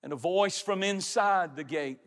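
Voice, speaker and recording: A man's voice: sits high, unhurried. A man preaching a sermon, emphatic, with dramatic rises and drops in his delivery. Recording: long hall reverb with faint music.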